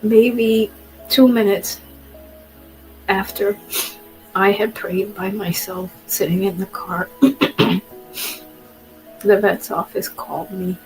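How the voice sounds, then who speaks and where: A woman's voice: mid-range voice, fairly even intonation, slow pace, long pauses, low-quality recording. Woman, emotional personal storytelling, rambling and apologetic, faint music bed. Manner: rambling, apologetic, tearful at times, laughs between lines. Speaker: pet owner sharing a personal story.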